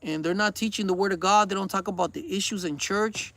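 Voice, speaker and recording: A man's voice: high-pitched, steady tone, fairly quick, fairly bright tone, no echo. A man in his forties chatting earnestly in a vlog, rambling and preachy, often repeating himself. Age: 40s. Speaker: vlogger. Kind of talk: casual rambling chat.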